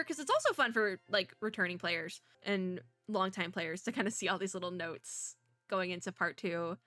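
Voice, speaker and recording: Young woman streamer, bright tone, chatty let's-play rambling, voice wearing thin. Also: mid-range voice. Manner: chatty, rambling, laughs often. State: losing her voice. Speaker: gaming content creator. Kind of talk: casual let's-play commentary.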